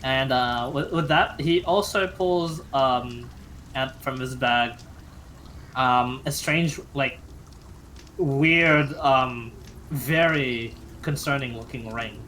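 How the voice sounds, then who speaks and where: A young man running a tabletop game as game master, narrating haltingly with many fillers and restarts. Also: medium pitch, pushed and bright, slight background noise.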